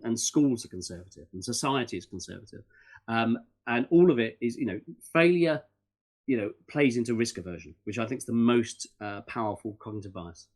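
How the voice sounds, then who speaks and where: A middle-aged man, a podcast guest in casual interview chat who talks in animated, rambling bursts with many restarts and fillers. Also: medium pitch.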